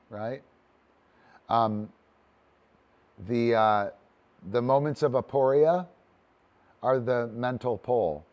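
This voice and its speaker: Slow-talking man teaching dog training. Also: mid-range voice, darkish tone. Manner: loose and talky, with cheering cues to a dog. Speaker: disc dog trainer teaching an online session. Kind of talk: casual livestream teaching.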